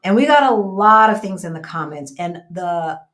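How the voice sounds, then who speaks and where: Animated middle-aged woman, casual co-host. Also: on the low side, normal speed. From United States. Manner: animated, conversational storytelling. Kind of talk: casual chat.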